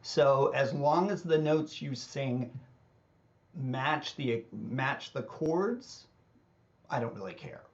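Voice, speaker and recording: A man's voice: mid-range voice, lively intonation, takes it slowly, muffled recording. A man teaching a hymn in a casual, self-deprecating way with false starts, now and then singing lines in a wobbly voice. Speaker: music teacher. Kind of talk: casual teaching with sung examples. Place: home music studio. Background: organ accompaniment.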